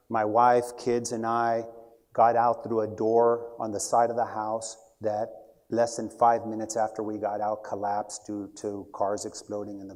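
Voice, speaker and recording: A man's voice: lowish voice, a little mellow. Man telling a story in a talk. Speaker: speaker giving a short talk.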